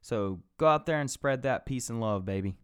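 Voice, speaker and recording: A young man telling an animated, profane story on a casual podcast and acting out the voices of the people in it. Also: mid-range voice, normal speed, clear, resonant tone.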